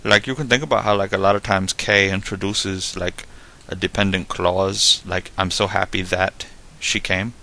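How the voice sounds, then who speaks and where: A man teaching a casual spoken lesson, explaining in a relaxed, rambling way full of "like" and "you know.". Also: low-pitched, moderate pace, gravelly, hardly any pauses. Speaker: Spanish tutor.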